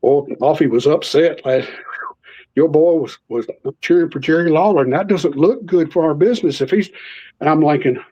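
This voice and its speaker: A podcast guest tells stories in a casual interview, animatedly acting out the voices of the people in them. His voice is a little high and slightly rough, at a normal speed. The lo-fi audio is slightly muffled.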